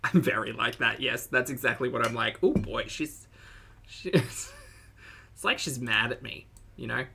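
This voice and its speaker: A woman's voice: rumbling low, unhurried, gravelly, noisy background. A woman with a Southern US accent live-streaming a reaction, chatting with her viewers and laughing often. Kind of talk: casual live-stream commentary.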